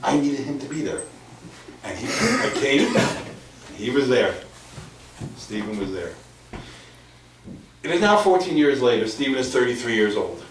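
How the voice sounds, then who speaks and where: A man, a rabbi, giving an animated storytelling lecture, mixing in Hebrew and Yiddish terms and hammering his points home by repeating them. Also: mid-range voice, unhurried, long pauses. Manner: emphatic, repeats key phrases. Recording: echoey hall from far off, faint noise.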